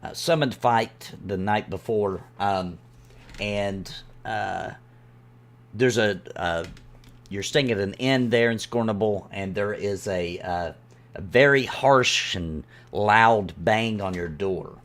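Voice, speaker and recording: A man running a tabletop game as game master, halting and full of fillers. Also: fairly low pitch, a bit bright.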